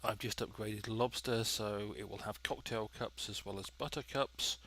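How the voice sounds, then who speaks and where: A lower-pitched man talks his way through a cooking game, chatty and dry, explaining each step methodically. His home recording carries a steady layer of background noise. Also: moderate pace. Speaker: let's play host. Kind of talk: gameplay commentary.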